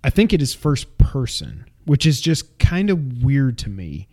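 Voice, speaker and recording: A man co-hosts a casual gaming podcast. His pitch sits in the middle of the range. He rambles, cracks jokes and laughs at his own asides. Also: wildly swooping pitch, unhurried, a little mellow. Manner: jokey, rambling, laughs at himself. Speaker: podcast co-host.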